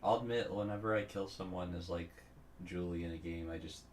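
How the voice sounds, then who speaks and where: A man being coached on a game, chatting casually and talking himself down with halting, repeated restarts. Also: sits low, steady tone, over a noisy crowd. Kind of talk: casual chat.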